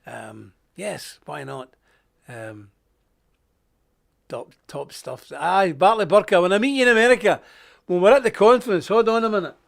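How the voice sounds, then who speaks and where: A man hosting a live stream, preaching casually in a jokey, animated way, with loud emphasis and quiet asides. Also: high-pitched, moderate pace, gravelly, long pauses.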